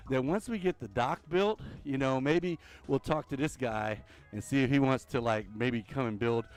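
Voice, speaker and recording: A man's voice: medium pitch, normal speed, smooth, faint music behind. A middle-aged man hosting a casual gaming stream, chatty and joking, with lots of fillers. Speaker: streamer and host.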